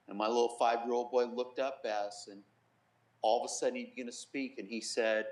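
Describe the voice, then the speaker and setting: A middle-aged man, a pastor, giving an earnest personal testimony in an interview, softly quoting others as he tells it. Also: medium pitch, fairly even intonation, fairly quick, reverberant, low-quality recording. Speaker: pastor and guest.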